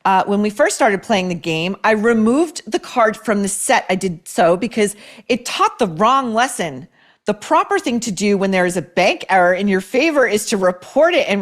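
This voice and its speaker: A woman's voice: medium pitch, expressive, moderate pace. A woman hosting a show, reading viewer mail and advice letters aloud and reacting with blunt, sarcastic commentary full of swearing. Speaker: host.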